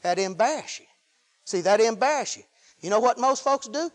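A man preaching a fervent sermon, swinging between loud exclamations of praise and low, quieter asides. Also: animated, normal speed. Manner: fervent, rising and falling with hallelujahs.

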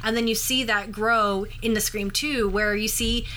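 A woman's voice: mid-range voice, fairly even intonation, unhurried, sharp tone, slight background noise. A woman co-hosting a podcast in casual conversation, talking through her points with restarts and self-corrections. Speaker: podcast co-host. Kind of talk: casual chat.

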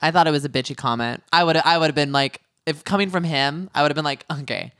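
A man's voice: fairly high pitch, quick pace, bright, forceful tone, clean tone, dry recording, clean studio sound. A man co-hosting a podcast, giving sassy, gossipy opinions in casual chat about reality TV. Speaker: podcast co-host.

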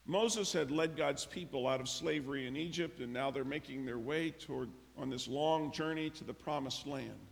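A man preaching a sermon as pastor, telling stories and acting out the characters' lines with lively emphasis. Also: a little high, creaky. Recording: long reverb of a large hall.

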